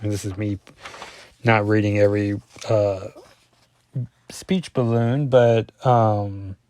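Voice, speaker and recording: Give me a man in casual review commentary, rambling with many ums and self-corrections, mellow voice in a dry close recording. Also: fairly low pitch, steady tone, slow, no echo. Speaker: comic book reviewer.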